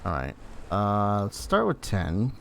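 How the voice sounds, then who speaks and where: A man's voice: lowish voice, wildly swooping pitch, slow pace, gravelly, a bit bright, a little hiss or hum. A man streaming a game, giving casual commentary and muttering to himself with self-teasing remarks.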